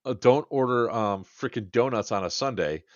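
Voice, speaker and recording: A man's voice: mid-range voice, normal speed, no echo, lo-fi sound. A man co-hosting a podcast, telling a long funny story in a casual chat and quoting people back and forth. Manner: animated anecdote-telling, quoting others in dialogue. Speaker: podcast co-host.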